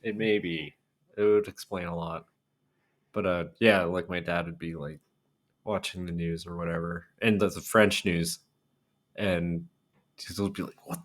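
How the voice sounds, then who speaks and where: A man's voice: low voice, fairly even intonation, a little slow, pauses often. A man co-hosting a reaction video, easygoing and agreeable in casual chat. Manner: easygoing and agreeable, chuckles often.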